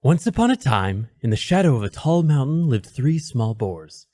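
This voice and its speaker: A man's voice: mid-range voice, big pitch swings, moderate pace, warm tone. A man reading a fairy tale aloud in a dramatic, mock-solemn storybook style. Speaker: narrator. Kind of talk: storybook narration, comedic.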